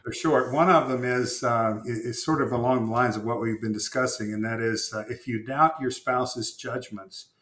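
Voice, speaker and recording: A man, an author who is a guest on a podcast, answering in a thoughtful, measured way and pausing with uhs. He speaks in a conversational interview style. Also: medium pitch, fairly even intonation, fairly bright tone, reverberant.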